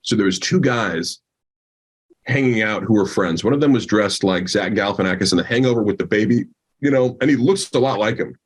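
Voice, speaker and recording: Husky man telling a rambling story. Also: on the low side, brisk. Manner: rambling, full of "like" fillers. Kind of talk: casual storytelling.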